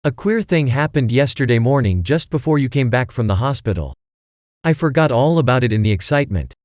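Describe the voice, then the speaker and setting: A man's voice: mid-range voice, lively intonation, a little fast, darkish tone, no room sound, studio quality, natural voice. A man doing a bustling, chatty aunt.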